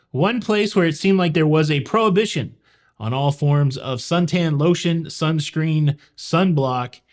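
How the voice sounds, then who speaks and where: Male host, Southern accent, casual news commentary, playful wisecracks. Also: fairly high pitch. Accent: Southern American. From American South. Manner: joking, wisecracking, talks to viewers. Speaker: cruise news show host.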